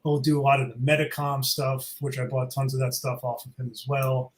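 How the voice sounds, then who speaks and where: A man's voice: mid-range voice, little pitch movement, brisk, roomy sound, rough recording. A man casually chatting as an event organizer, enthusiastic and rambling with fillers, his throat a little sore. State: sore throat, sucking a cough drop. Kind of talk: casual interview chat.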